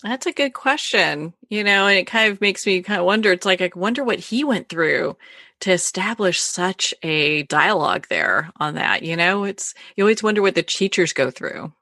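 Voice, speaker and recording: Bright-voiced female talk show host. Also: mid-range voice, lively intonation, normal speed, no echo, clean studio sound. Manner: warmly reactive, uses many fillers. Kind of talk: casual interview chat.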